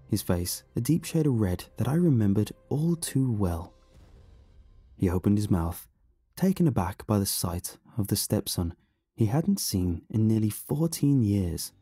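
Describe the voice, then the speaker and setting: A man reading a horror story aloud in a slow, hushed, brooding way. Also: sits low, breathy edge. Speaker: narrator. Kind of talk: scripted horror narration.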